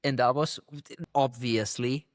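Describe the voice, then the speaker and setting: A man co-hosting a casual podcast in an upbeat way, often repeating his own phrases. He speaks at a middle pitch, and the recording is dry. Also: steady tone, takes it slowly, no room sound. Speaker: podcast co-host.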